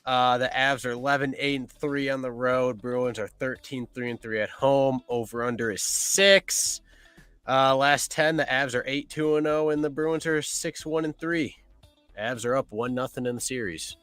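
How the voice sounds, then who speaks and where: A man's voice: medium pitch, moderate pace, clean tone, dry recording, faint music behind. Man reading sports betting lines. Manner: reads stats and odds in a steady listing way. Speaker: podcast host.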